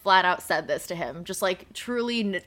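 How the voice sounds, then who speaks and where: A woman co-hosting a podcast in casual chat, reacting with quick comments and frequent laughter. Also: on the low side, lively intonation, a loud crowd. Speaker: podcast co-host.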